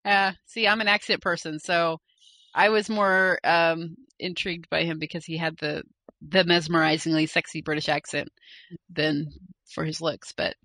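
Bright-voiced chatty woman podcast co-host. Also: deep voice, fairly even intonation, normal speed, no room sound. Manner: chatty, rambling with fillers and self-corrections. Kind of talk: casual chat, reading listener mail.

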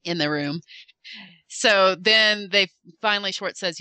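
A woman eagerly retelling a convention panel in casual chat, acting out the quotes with lively voice changes. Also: medium pitch, measured pace, clear, resonant tone, dry recording. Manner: animated, acts out quotes with shifting voices. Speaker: fan recounting a convention panel.

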